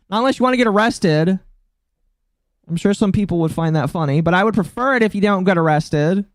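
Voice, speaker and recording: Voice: mid-range voice, moderate pace, pauses often, dry recording, clean studio sound. A streamer in their mid-twenties giving casual live-stream commentary, talking bluntly and profanely with a mocking tone that climbs into indignant outbursts. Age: mid-20s.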